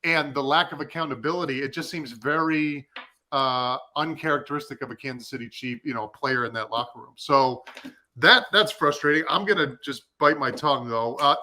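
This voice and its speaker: Fired-up male co-host, bright edgy tone, casual sports talk. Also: mid-range voice, normal speed, slight background noise. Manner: animated, fired up. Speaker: podcast co-host, former defensive lineman.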